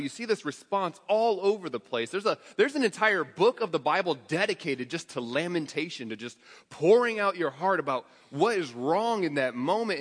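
A man preaching a sermon to his congregation, earnest, with quick restarts and repeated words. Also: a little high, long reverb tail. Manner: earnest, rapid with frequent restarts.

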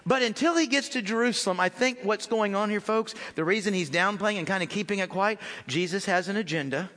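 American male pastor, high bright voice, lively conversational sermon in a reverberant church hall. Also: brisk. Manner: animated, conversational, addresses congregation as folks.

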